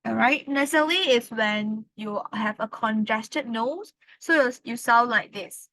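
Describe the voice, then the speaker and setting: Woman English teacher; bright, fairly high voice; patient, repeats words. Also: dry recording, rough recording. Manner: explains slowly, repeats key words, says "all right" often. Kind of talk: classroom lesson.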